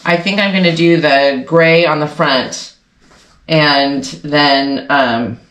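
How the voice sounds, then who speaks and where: A woman's voice: sits low, steady tone, slow, fairly bright tone. A woman hosting a casual sewing vlog, chatting to viewers in a rambling way, often correcting herself, and sounding congested. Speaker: sewing channel host. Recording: echoey room.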